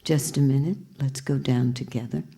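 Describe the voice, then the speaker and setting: A calm, wise old Zen master, as a woman puts him on while telling the story, speaking gently and without hurry. The voice is low and gravelly, with a dark, mellow tone. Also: normal speed, exaggerated voice. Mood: gentle.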